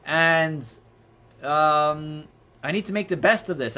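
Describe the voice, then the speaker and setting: A man leads an informal Torah class in a slightly high voice. He tells the story conversationally, circling back with restarts and filler words. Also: takes it slowly, bright, forceful tone. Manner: conversational, many restarts and "you know"s, storytelling. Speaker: rabbi teaching a class. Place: indoors near books.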